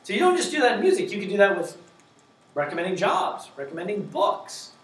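A man giving a conference talk, lively and joking, asking the audience rhetorical questions. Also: high voice, a little fast, roomy sound, far from the mic. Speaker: conference speaker.

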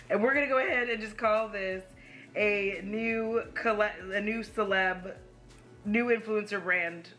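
A young woman talks makeup at home in a blunt, sassy way, with casual swearing along the way. Her voice is bright and sharp, sitting in a middle pitch for a woman. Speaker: beauty YouTuber.

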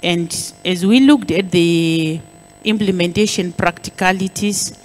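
A woman government official giving a formal public address, speaking in a deliberate, measured way with frequent pauses and stressed key words. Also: fairly low pitch, darkish tone, a little hiss or hum, low-quality recording.

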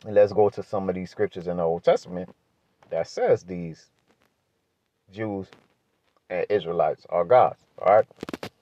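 A man teaching from the Bible in a preaching style, asking rhetorical questions and building to emphatic high-pitched points. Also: lively intonation, measured pace, pauses often, warm tone, dry recording. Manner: emphatic, rises sharply in pitch when pressing a point; asks rhetorical questions, adds "right?".

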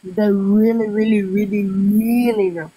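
A woman's voice: mid-range voice, steady tone, a little slow, dark tone, slightly rough, no room sound, low-quality recording. An older woman with a Southern US accent who hosts a livestream chat in a blunt, rambling way and keeps repeating herself. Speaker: livestream host.

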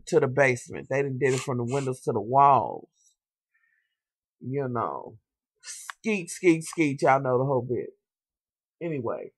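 A man's voice: a little high, no echo. A young man, animatedly recapping a TV episode in casual slang, swearing freely and talking straight to his viewers. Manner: animated, sassy storytelling with slang and asides to viewers. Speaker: TV show reviewer.

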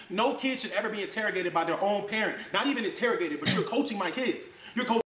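High, fast-talking man, angry rant, echoey room. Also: lively intonation, a bit bright. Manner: angry, rapid, mocking quoted voices. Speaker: influencer addressing critics. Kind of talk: heated ranting video clip.

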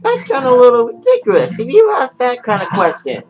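Giggly woman with wildly swinging pitch. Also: wildly swooping pitch, a little fast, darkish tone. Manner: rambling, giggly, keeps saying "so anyway"; voice jumps suddenly into a squeaky high register. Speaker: channel host. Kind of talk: casual watch-along commentary.

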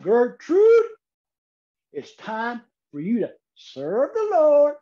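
A loud old church lady , done by a man, calling out in a high, proclaiming voice. The sound is muffled and lo-fi, like a streamed talk. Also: wildly swooping pitch, slow, exaggerated voice.

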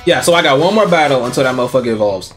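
A man streaming a video game, reacting with excitable, profane commentary and mocking the characters. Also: medium pitch, very fast, soft background music. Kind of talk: let's play commentary.

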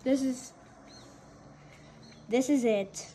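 A woman's voice: high voice, drawn-out words, mellow, a little hiss or hum. A woman in playful casual banter, joking and often laughing. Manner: giggly, jokey, often laughing.

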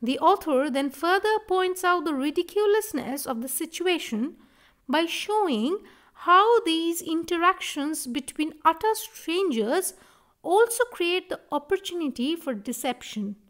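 Woman, teacher, literature lesson, slow, high voice. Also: expressive, fairly bright tone. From India. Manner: measured, deliberate reading with explanations. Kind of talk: slow explanatory lesson, reading aloud.

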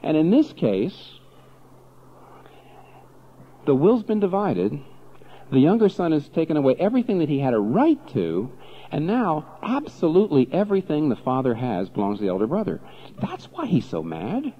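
A male pastor preaching with a lively, swooping delivery, his pitch rising and falling as he throws out rhetorical questions. The recording is dull and lo-fi, with the top end muffled. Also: normal speed, pauses often, husky. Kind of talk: sermon.

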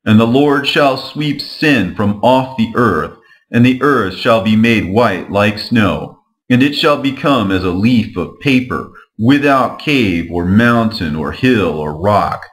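Male scripture reader, slightly low voice, slow, solemn and measured delivery. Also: expressive.

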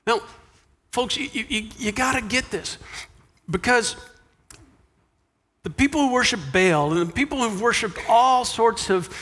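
A man preaching a sermon as pastor, animated, dropping to a hush for quiet lines. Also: very high-pitched, measured pace, long pauses, big-room sound, slight background noise. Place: church sanctuary.

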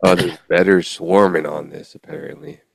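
Low gravelly podcast guy, laughing a lot. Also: sing-song, normal speed, dry recording. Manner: laughs often, reads articles aloud. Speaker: podcast co-host. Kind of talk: casual chat.

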